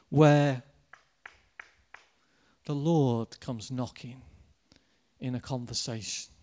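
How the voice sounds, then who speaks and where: Delivering a sermon, a man with a mid-range voice draws out his words and pauses often. He addresses the congregation directly while relating a personal anecdote with liveliness.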